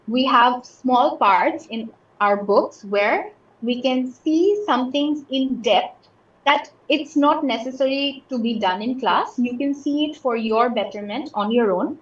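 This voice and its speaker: A woman's voice: a little high, lo-fi sound. Patient woman teaching English in an echoey room. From Bangladesh. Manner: patient, explains with many examples and checks understanding. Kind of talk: online class lesson.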